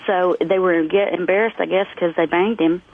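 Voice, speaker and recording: A woman's voice: on the low side, fairly even intonation, normal speed. Forty-year-old woman calling in by phone. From Texas. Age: 40s. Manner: hesitant, with fillers. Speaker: caller. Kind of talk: call-in chat. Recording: tinny phone line.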